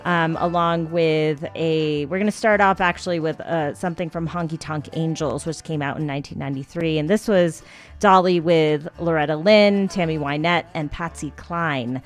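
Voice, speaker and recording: Low-voiced woman radio host. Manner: relaxed, conversational, with fillers. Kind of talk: pledge drive radio talk. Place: radio studio.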